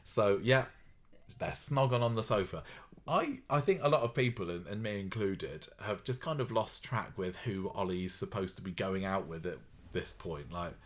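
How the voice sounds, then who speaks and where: Deep-voiced man, wry and rambling. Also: moderate pace. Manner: chatty, rambling, wry asides. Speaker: podcast co-host. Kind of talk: casual chat recapping a soap.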